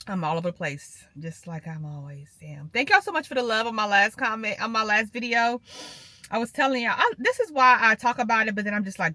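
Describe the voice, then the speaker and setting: Bright, chatty woman vlogging from her car. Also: mid-range voice, a little fast, dry recording. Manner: rambling, talks straight to viewers, calls them "girl" and "y'all". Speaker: lifestyle vlogger. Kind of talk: casual chatty vlog talk to viewers.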